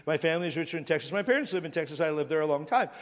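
A man's voice: fairly high pitch, expressive, racing, big-room sound. A middle-aged pastor from Washington State preaching a sermon, telling stories and repeating phrases as he builds a point. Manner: storytelling, repeats words when building a point.

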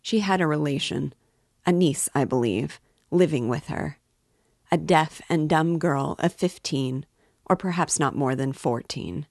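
A woman reading a pompous middle-aged gentleman. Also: low-pitched, dry recording, clean studio sound. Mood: measured. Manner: formal, measured, self-important.

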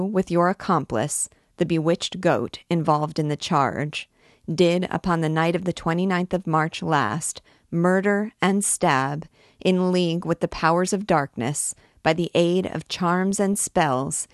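A woman's voice: lowish voice, unhurried, dry recording, studio quality, lightly acted. A woman voicing a stern male court president who speaks solemnly and coldly. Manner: solemn, cold.

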